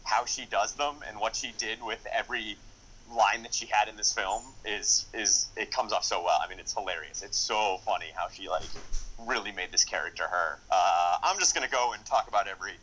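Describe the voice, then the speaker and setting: A screenwriter and director with a very low voice and a bright, forward tone chats casually and briskly in an interview. He rambles eagerly, piling up fillers and restarting sentences, enthusiastic throughout, on a low-quality recording with a little hiss or hum.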